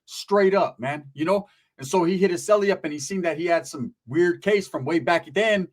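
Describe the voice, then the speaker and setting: A man casually telling a profane, streetwise prison story, slipping into quick impressions of the people in it. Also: high-pitched.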